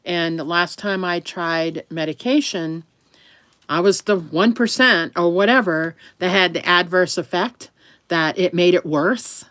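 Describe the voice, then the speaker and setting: Woman vlogging, lowish voice, dry close sound, rambling, chatty, laughs a lot. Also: measured pace, a bit bright, no room sound. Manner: talks affectionately to her dog between remarks. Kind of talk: casual chat to camera.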